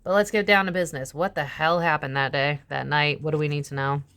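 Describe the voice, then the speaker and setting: Smooth-voiced woman in casual tarot chat. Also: low-pitched, steady tone, brisk, a bit bright. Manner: chatty, swears freely, slips into voicing others. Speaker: tarot reader and channel host. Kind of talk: casual psychic tarot commentary.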